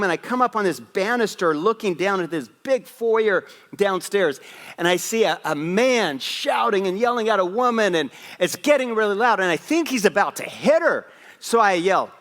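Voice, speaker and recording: A man preaching a Christmas Eve sermon as a pastor, telling a lively personal story with asides. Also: high-pitched, normal speed, big-room sound. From West Africa. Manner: animated storyteller, raising his voice for punchlines. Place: church sanctuary.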